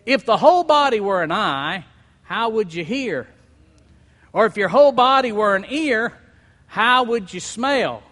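A male pastor preaching a sermon to his church, emphatic and repeating key phrases, slowing down to stress words. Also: sits high, expressive, pushed and bright, in a large hall. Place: church sanctuary.

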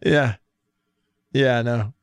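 A man's voice: medium pitch, takes it slowly, clear, resonant tone, no echo. A man hosting a casual sports talk radio show, with a Southern accent, folksy and chatty as he reads listener texts. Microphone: studio mic. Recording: dry studio sound.

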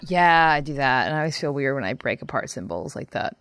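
A woman's voice: rumbling low, animated, a little fast, a bit bright, clear, resonant tone. A woman designer in a casual chat who talks freely and laughs often.

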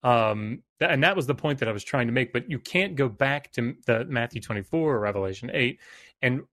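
A man's voice: medium pitch, expressive, a little fast, a bit bright, no room sound, studio quality. A man on a live talk stream who repeats words and restarts sentences while he builds an argument. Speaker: panelist. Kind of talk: casual debate chat.

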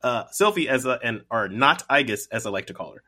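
A man's voice: medium pitch, expressive, fairly quick, pushed and bright, breathy edge. A man co-hosting a podcast who chats casually about video games in a laid-back, joking way. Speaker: podcast co-host. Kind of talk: casual video game chat.

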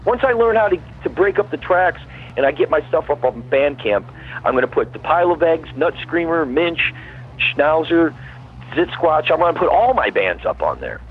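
A man's voice: fairly high pitch, sing-song, moderate pace, slightly rough. A man, a guest musician, calling in and chatting casually, rambling and repeating himself as he talks. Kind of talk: casual phone-in chat. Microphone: phone call. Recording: tinny phone line.

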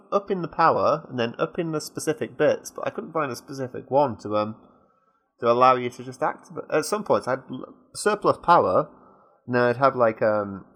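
A man's voice: mid-range voice, a bit bright. A man with a British accent co-hosting a casual gaming podcast, rambling and hesitant as he works through his thoughts. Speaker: podcast co-host.

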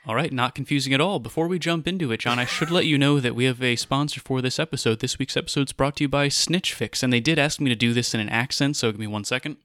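A man co-hosting a podcast in casual chat, easygoing and smooth when reading intros. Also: mid-range voice, quick pace, hardly any pauses, fairly bright tone, dry recording, clean studio sound. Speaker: podcast co-host.

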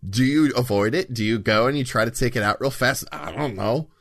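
A man chatting casually as a podcast co-host, stumbling over his words and repeating himself as he thinks aloud. His voice sits at a middle pitch. The recording is dry and close, with no room sound. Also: fairly bright tone, dry recording. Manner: halting, repeats words, many fillers. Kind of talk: casual chat about tabletop gaming.

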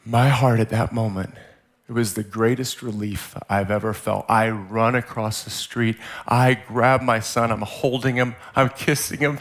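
A middle-aged man from California preaching a sermon, telling a story with strong emotion, repeating words, shouting at peaks and dropping to near-whispers. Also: mid-range voice, slow pace, long pauses. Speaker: pastor.

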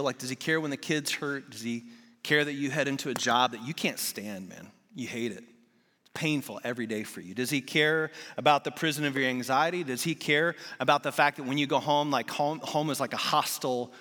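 A man in his forties preaches a sermon with a bright, forceful edge to his voice. He talks candidly, like he's telling friends a story. The sound rings out with the long reverb of a large church hall. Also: mid-range voice. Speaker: guest preacher.

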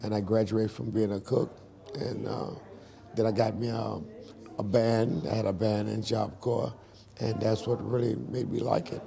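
A man in an interview, telling his life story in a lively storytelling way and acting out the dialogue. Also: lowish voice, normal speed, gravelly, over music.

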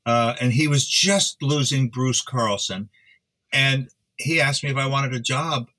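A man in his seventies, a guest instrument restorer, telling his story in a rambling, halting way. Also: medium pitch, bright, forceful tone. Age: 70s. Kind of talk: casual interview chat.

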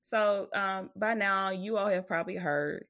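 A woman's voice: medium pitch, a little slow, fairly bright tone, no echo, studio quality. A woman co-hosting a podcast in casual chat. She rambles loosely, leans on "like" and "or whatever", and turns blunt and profane when she rants. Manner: rambling, filler-heavy, with frequent "like" and "or whatever". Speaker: podcast co-host.

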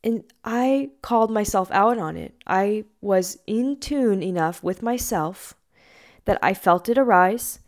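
A woman speaks in a gentle, earnest way, teaching about patterns of the mind like a meditation guide. Her pitch sits in the middle of the usual range for a woman. She talks reflectively, with a calm, steady warmth of intent. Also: unhurried. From Hawaii. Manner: gentle and earnest, with lively acted quotes. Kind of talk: reflective spiritual talk.

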